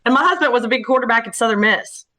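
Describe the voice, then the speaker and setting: A woman appearing as a TV guest on a sports podcast, chatting casually and reacting quickly. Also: fairly high pitch, sharp tone. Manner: laughs along, quick reactions.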